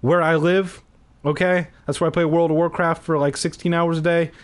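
A man's voice: a little high, flat delivery, normal speed, clear, resonant tone, voice pushed up, natural voice. A man voicing a smug, creepy young man who talks in a bossy, rambling way.

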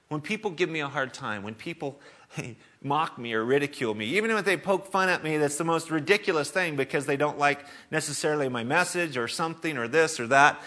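A man's voice: fairly high pitch, pushed and bright. A middle-aged man preaching a sermon as pastor, telling a story and laughing often as he talks.

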